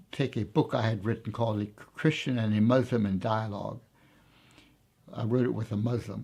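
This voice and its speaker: A man being interviewed, telling a story in a reflective, hesitant way with many pauses and fillers. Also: fairly low pitch, gravelly, a little mellow, husky.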